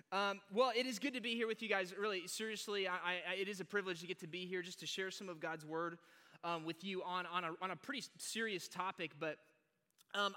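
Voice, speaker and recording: A man preaches a casual sermon as a youth pastor, rambling with fillers and quick jokes. His voice sits high and rings very bright. The sound carries a long hall reverb. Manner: chatty, joking, many fillers and restarts. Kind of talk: casual sermon to a live audience.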